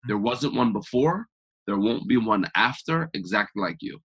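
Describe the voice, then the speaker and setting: A man guest on a podcast interview, talking in an energetic, emphatic, motivational way. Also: lowish voice, moderate pace, slightly rough. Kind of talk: conversational interview.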